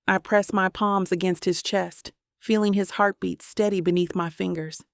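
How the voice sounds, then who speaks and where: Woman, audiobook narrator, first-person romance, gravelly, dry close sound, intimate even reading. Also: fairly low pitch, normal speed, few pauses, dry recording.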